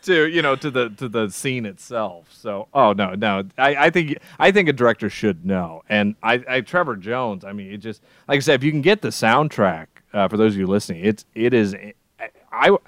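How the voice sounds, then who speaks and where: A man co-hosting a podcast, chatting casually about films in a rambling, animated way with lots of restarts. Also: fairly low pitch, moderate pace, no echo. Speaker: podcast co-host. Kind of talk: casual film chat.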